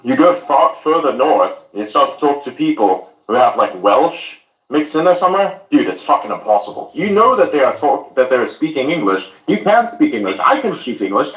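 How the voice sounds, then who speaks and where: A man's voice: mid-range voice, very animated, fairly quick, hardly any pauses, a bit bright, echoey room, distant mic, muffled recording. A German man whose first language is German, ranting with lots of swearing in casual podcast chat. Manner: profane, ranting.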